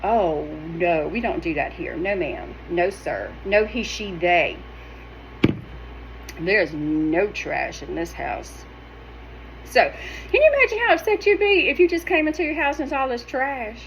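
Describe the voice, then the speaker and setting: A middle-aged woman, talking straight to her viewers in a sassy, animated, emphatic way. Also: mid-range voice, measured pace, slight background noise, poor audio. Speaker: wellness vlogger. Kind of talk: casual direct-to-camera talk.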